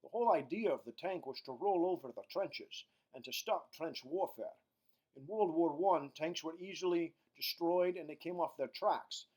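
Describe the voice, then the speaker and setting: A man doing a gruff older Scottish movie-star impression. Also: a little high, normal speed, a little mellow, natural voice, poor audio. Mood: wry.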